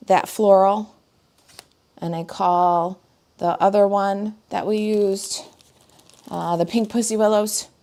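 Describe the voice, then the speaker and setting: A woman's voice: medium pitch, darkish tone. A woman demonstrator from the United States leading a live online card-making class, chatty and laughing often as she greets viewers by name.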